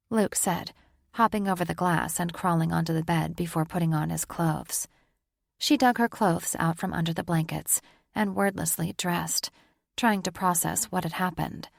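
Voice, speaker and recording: A woman with a lowish, gravelly voice reads a fantasy romance novel in an even, measured storytelling manner. The sound is dry and close to the mic, with no room echo. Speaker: audiobook narrator. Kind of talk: scripted narration.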